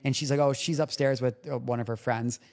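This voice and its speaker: A gravelly, mid-range voice carries this brisk male podcast guest, whose intonation stays fairly even. He works as a recovery coach and tells personal stories during the interview in an open, emotional, casually profane manner.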